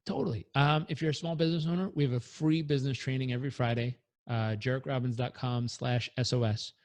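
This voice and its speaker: An earnest, energetic man speaks as a coach in an interview, his voice sitting at a middle pitch. The recording is close and dry, with no room sound. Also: quick pace, no echo. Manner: earnest, energetic, leads breathing exercise aloud. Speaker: performance coach guest. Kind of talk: podcast interview answers.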